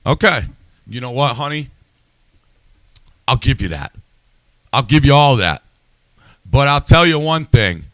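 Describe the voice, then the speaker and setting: A man's voice: mid-range voice, lively intonation, unhurried, long pauses, a bit bright, no room sound. A man hosting a podcast, ranting in a heated, profane, casual way. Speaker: podcast host.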